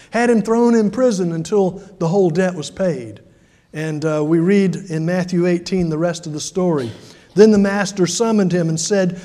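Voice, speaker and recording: Male preacher, high and warm-toned, conversational storyteller with dramatic loud-soft swings; reverberant hall. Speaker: pastor. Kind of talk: sermon.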